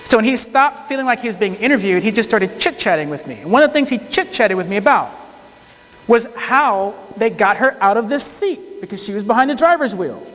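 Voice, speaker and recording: A man's voice: high voice, animated, a little fast, a bit bright. A man telling a courtroom story to an audience in a conversational way, acting out the dialogue. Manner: conversational, quotes people in dialogue. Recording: long hall reverb.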